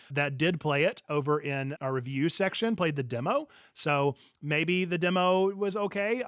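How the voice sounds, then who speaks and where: A man's voice: medium pitch, no echo, studio quality. A man co-hosting a gaming livestream, chatting casually and enthusiastically about upcoming games and laughing easily. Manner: upbeat, enthusiastic, quick to laugh. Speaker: stream co-host. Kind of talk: casual chat on a gaming stream.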